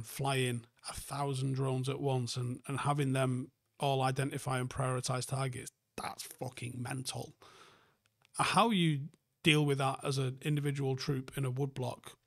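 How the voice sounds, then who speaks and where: A man's voice: medium pitch, fairly bright tone, dry recording, clean studio sound. Rambling sweary man reading chat. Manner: rambling, sweary, frequent ums and restarts. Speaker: host reading viewer comments; army veteran. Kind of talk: casual live-stream chat.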